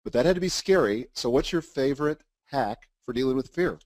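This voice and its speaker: A man's voice: medium pitch, animated, brisk, darkish tone, dry recording. A man hosting an interview, asking questions and giving short, agreeing replies. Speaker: interview host. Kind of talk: casual interview conversation.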